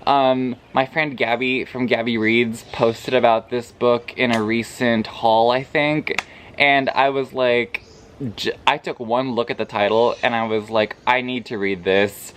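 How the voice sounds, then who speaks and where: A sleep-deprived man chats casually in a book vlog, sleepy yet animated, rambling and swearing as he reacts to his reading. His mid-range voice moves a little slowly, with slight background noise.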